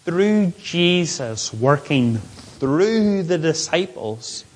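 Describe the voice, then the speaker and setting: A man preaching a sermon, repeating key phrases and stretching words out slowly for emphasis. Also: fairly high pitch, big pitch swings, low-quality recording. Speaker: pastor.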